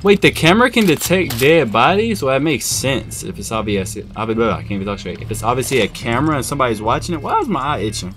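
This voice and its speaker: A man giving casual, chatty let's-play commentary, now and then cooing at an in-game dog in a high coddling voice. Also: sing-song, quick pace, hardly any pauses, fairly bright tone. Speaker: gaming video host. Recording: game music playing behind voice.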